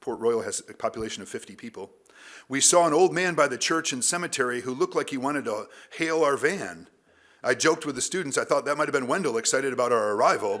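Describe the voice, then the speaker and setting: A literature professor with a mid-range, fairly bright voice reads his conference paper aloud at a measured academic pace, dropping in a few casual asides.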